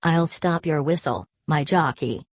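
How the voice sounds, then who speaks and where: A woman's voice: deep voice, unhurried, breathy edge, no room sound, studio quality. A woman voicing a brawny working-class smith who threatens and sneers, dropping his word endings. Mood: threatening.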